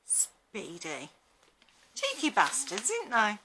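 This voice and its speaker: A woman's voice: fairly high pitch, wildly swooping pitch, slow pace, pauses often, noisy background. A woman vlogging with casual storytelling, blunt and sarcastic, swearing freely.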